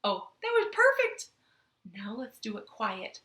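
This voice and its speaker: A woman's voice: fairly high pitch, huge pitch swings, measured pace, sharp tone, reverberant. A young woman leading a children's storytime from her living room, playful and sing-song as she talks to the kids.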